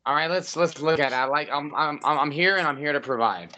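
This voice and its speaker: A man co-hosting a casual sports podcast, easygoing and quick to laugh. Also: a little high, bright, forceful tone. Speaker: podcast co-host, the betting line guy.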